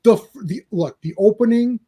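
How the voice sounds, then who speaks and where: Ranting podcast co-host, high and mellow, acts out reactions. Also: male voice, fairly quick. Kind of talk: casual movie chat.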